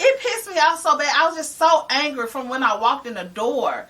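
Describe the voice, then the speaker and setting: A woman's voice: on the high side, sing-song, fairly quick, few pauses, a bit bright, distant mic. A middle-aged woman, telling an exasperated story on a casual podcast, full of laughing asides. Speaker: podcast co-host.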